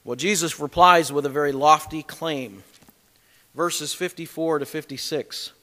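A man's voice: fairly high pitch, fairly even intonation, unhurried, bright, forceful tone, big-room sound. A man preaching an expository sermon, emphatic as he reads scripture aloud and explains it.

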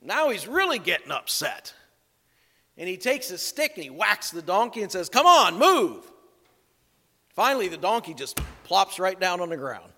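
A male pastor preaching a sermon, telling a scripture story in a folksy way with little jokes and asides. His voice sits high for a man. A long reverb of a church hall follows every phrase. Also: big pitch swings, moderate pace, bright, forceful tone.

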